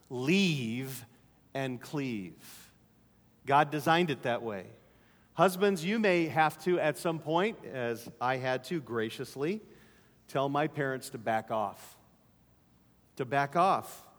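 A middle-aged man pastor preaching a sermon, emphatic, repeating key phrases and dropping to quieter asides. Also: medium pitch. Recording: long hall reverb.

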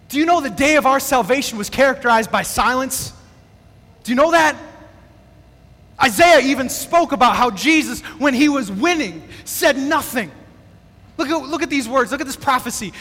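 High, bright-voiced man preaching in a hall. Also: normal speed, pauses often. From Wisconsin, USA. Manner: animated, conversational, acts out quotes. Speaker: pastor. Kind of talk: sermon. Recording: long reverb from a large hall.

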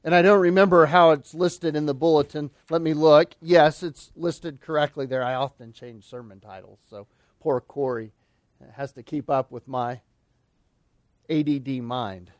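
Male pastor, high-pitched voice, emphatic sermon delivery, dry close sound. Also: steady tone, no echo. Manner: emphatic preaching, slowing and dropping low on key phrases.

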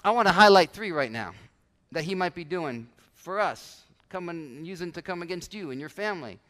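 A male pastor preaching a sermon with animated delivery, now and then acting out everyday voices to make his point. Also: high-pitched, normal speed. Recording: long church hall reverb.

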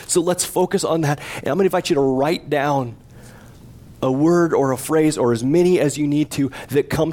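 Earnest, husky-voiced man pastor. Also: on the high side. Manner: earnest, gently pleading, with soft laughs. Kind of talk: sermon. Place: church sanctuary.

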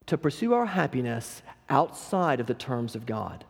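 A man's voice: medium pitch, big pitch swings, moderate pace, creaky, few pauses, breathy edge. A man preaching a sermon as pastor, telling a story earnestly with some repeated words. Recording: long hall reverb.

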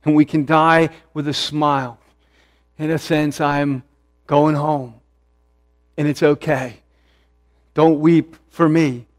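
A middle-aged pastor with a notably high voice delivers his sermon in an earnest, emphatic way. He leans on repetition and slows down on the words he wants to land. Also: little pitch movement. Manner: earnest, with emphatic repetition and slow stressed phrases.

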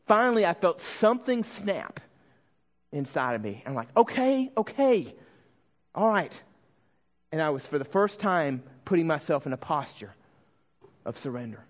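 Male pastor, earnest emotional sermon delivery, raised pitch, dull lo-fi recording. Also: big pitch swings, moderate pace. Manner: earnest, emotional storytelling with many restarts and quiet dips.

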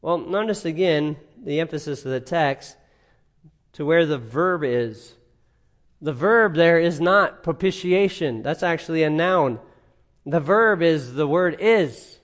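Male preacher with a fairly high voice, giving an earnest verse-by-verse sermon that swings from emphatic to quiet. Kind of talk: expository sermon.

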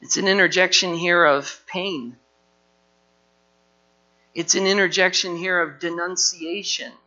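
A man's voice: sits high, pushed and bright. A male pastor preaching a sermon in an emphatic style, his force rising and falling. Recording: dull lo-fi recording with mains hum.

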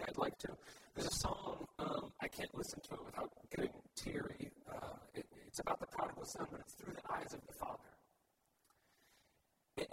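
A man's voice: very high voice, recorded from a distance. A man preaching a sermon as pastor, earnest and building his points through repeated emphatic phrases. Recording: loud background noise.

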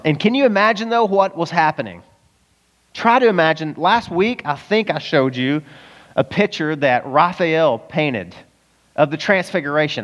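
A man gives a sermon in an easygoing, conversational way, slipping into little voices for the people in the story. His voice sits a bit high for a man. The sound carries a long reverb, like a large church hall. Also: dull audio. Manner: animated, acts out voices of Bible characters, chuckles often. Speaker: pastor.

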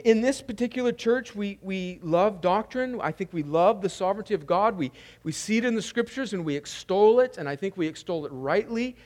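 Guy pastor preaching in church, kinda high voice, earnest, keeps repeating words, gets loud then drops quiet. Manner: earnest, emphatic, with frequent word repetitions; swings between loud raised passages and quiet low reading. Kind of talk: sermon.

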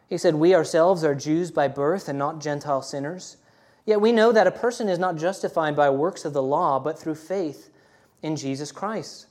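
A man preaching a sermon earnestly, often pausing with "uh" between points. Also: on the high side, darkish tone. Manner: earnest preaching with many uh fillers. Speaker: pastor.

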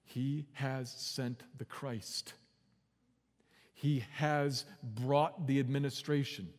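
A man preaching a sermon as pastor, earnest, swinging from quiet and slow to loud and urgent. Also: mid-range voice, fairly even intonation, in a large hall. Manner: earnest preaching with big swings in volume and pace.

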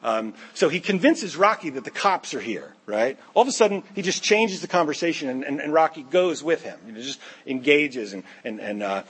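A male pastor delivers a sermon as an animated storyteller who acts out the characters' voices. His voice sits fairly high. It has a husky edge. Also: a little fast, hardly any pauses.

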